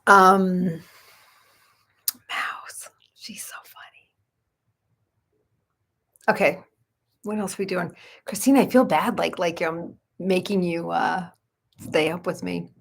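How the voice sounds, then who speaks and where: A woman with a low, gravelly and slightly husky voice chats away on a home livestream at night. She keeps breaking off to coo to her dogs in a soft, fond baby talk. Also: fairly even intonation, measured pace. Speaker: Reiki practitioner. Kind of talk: casual livestream chat.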